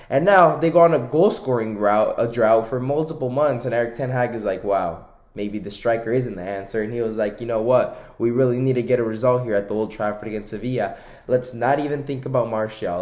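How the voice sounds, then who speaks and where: Man, young, animated football rant, mellow voice. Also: mid-range voice, roomy sound. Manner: animated, ranting, uses "mate" and "lad". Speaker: football commentator. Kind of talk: casual opinion rant.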